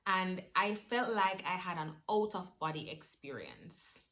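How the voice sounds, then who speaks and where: A woman's voice: lowish voice, unhurried. A young woman, emotionally retelling a personal story in a vlog. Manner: animated, emotional retelling with laughs. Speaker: vlogger.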